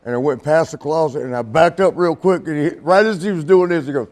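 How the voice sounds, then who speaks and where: This is a middle-aged man with a warm, relaxed timbre, recounting backstage tales in a studio interview. He rambles and restarts, curses casually, and laughs often. When he quotes others, he acts out their voices. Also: fairly high pitch, normal speed. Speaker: interview guest, former wrestler.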